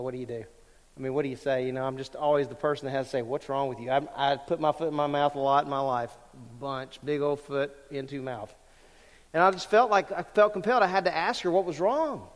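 A man's voice: on the high side, big-room sound. A man preaching a sermon as pastor, conversational and emphatic, asking the congregation questions. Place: large church sanctuary.

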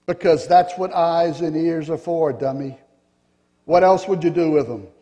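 A man voicing a yellow wooden figure who confidently explains everything in a storybook reading. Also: on the high side, a little slow, long reverb tail, close to an everyday voice. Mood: explaining. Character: know-it-all yellow wooden male figure.

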